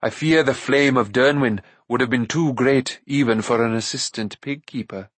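A man voicing a calm, noble warrior prince who speaks in a measured, dignified way in an audiobook. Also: medium pitch, breathy edge, no echo, lightly acted. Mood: grave.

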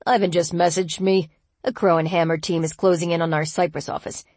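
A woman narrator voicing a male underling who calls out a report in a quick, businesslike way. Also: on the low side, level tone, darkish tone, dry recording, lightly acted. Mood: urgent. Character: brisk male underling calling out.

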